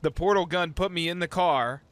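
A man streaming a game live, excitable and full of swearing and sudden yelps. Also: a little high, normal speed, dry recording. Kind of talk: live gameplay commentary.

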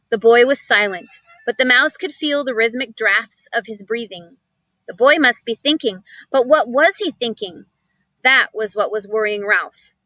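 A woman reading a children's novel aloud in an expressive storybook style. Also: a little high, no echo, low-quality recording. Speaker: reader.

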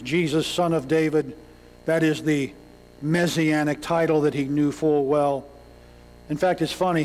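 High-voiced preacher man in a reverberant church. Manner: dramatic storytelling preacher who acts out cries. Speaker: pastor. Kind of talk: sermon. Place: church sanctuary. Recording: long hall reverb.

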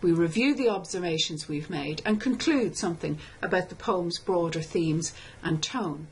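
Measured woman explaining poetry. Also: on the low side, a little hiss or hum, low-quality recording. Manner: measured, explanatory, reads poem aloud slowly. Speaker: literature lecturer. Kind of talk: scripted tutorial narration.

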